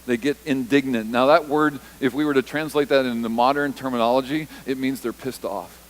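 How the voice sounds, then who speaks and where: A man's voice: medium pitch, fairly even intonation, brisk, rough recording. A man preaching a sermon in a church, talking conversationally, repeating points for emphasis, and acting out quoted lines. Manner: acts out the disciples' and Jesus's lines in short quoted voices. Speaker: pastor.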